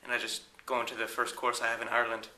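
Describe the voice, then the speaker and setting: A man's voice: medium pitch, monotone, fast talker, sharp tone, reverberant, far from the mic, poor audio. A man student talking simply and enthusiastically about the views on his trip.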